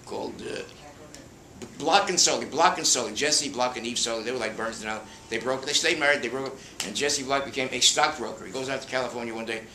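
A man's voice: medium pitch, roomy sound, background noise. An older man with a New York accent hosting a live bookshop event, telling rambling show-business anecdotes and acting out the quotes. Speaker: host. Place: bookshop event room with an audience.

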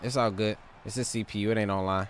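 A man giving loud, trash-talking live commentary while playing a wrestling game. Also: lowish voice, fairly even intonation, fast, a little hiss or hum. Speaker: gaming channel host.

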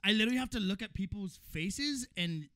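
A man co-hosting a comedy podcast in loose banter, profane and quick to laugh. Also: high voice, dry recording. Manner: animated and profane, laughs often. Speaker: comedian co-host.

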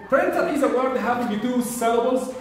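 A man teaching a vocabulary lesson, repeating each word slowly and drilling pronunciation with his class. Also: very high-pitched, a crowd in the background. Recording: echoey room, mic far off.

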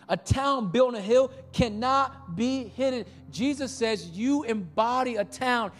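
A man with a higher-than-usual voice delivers a church sermon. He drives his points home with rapid rhetorical questions and repeated lines, sometimes dropping low and quiet, sometimes rising to a near shout. Faint music sits under his voice. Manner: rhetorical questions, building to passionate outbursts; repeats phrases for emphasis. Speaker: pastor.

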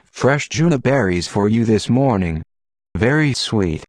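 A man's voice: fairly low pitch, expressive, unhurried, darkish tone, no echo. A man voicing a friendly male palace servant, in an audiobook. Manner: friendly, offering.

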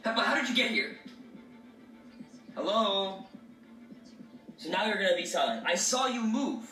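A man's voice: high-pitched, lively intonation, a little slow, sharp tone. A man filming a spooky vlog, talking jumpily to his viewers and calling them guys. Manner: jumpy, addresses viewers as guys. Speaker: video creator. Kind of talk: scripted haunted-doll vlog. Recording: roomy, distant, music underneath.

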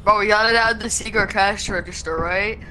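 A man joking in a deadpan way while playing a game in casual voice chat with friends. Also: high-pitched, a little fast. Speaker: fellow player. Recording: very echoey, noisy game chat.

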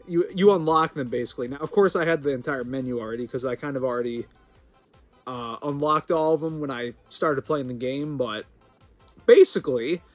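An American man hosting a gaming channel, rambling through casual gameplay commentary with sudden loud outbursts. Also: fairly high pitch, dry recording. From United States.

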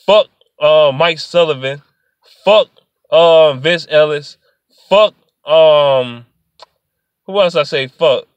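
Angry high-voiced man ranting. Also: takes it slowly, pauses often, clean tone, dry recording, highs cut off. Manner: angry, profane, swings from muttering to shouting. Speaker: sports vlogger. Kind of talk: profane sports rant.

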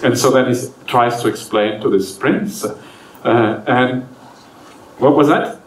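A man's voice: mid-range voice, takes it slowly, recorded from a distance. A monk's voice, set back from the microphone in a roomy hall, telling stories in an easy, chatty way. He keeps checking in with "yeah?" and slips into the voices of his characters. Faint room noise sits under the talk. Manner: relaxed, chatty, frequent "yeah?" and "uh"; acts out the characters in stories with lively voice changes. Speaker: monk teaching a retreat. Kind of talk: Dharma talk.

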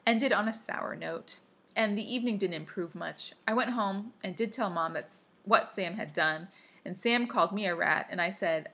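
Breathy woman reading a kids' book out loud, medium pitch, throws in her own side comments. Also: normal speed. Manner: adds offhand asides to the story. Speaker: audiobook reader. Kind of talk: first-person audiobook narration.

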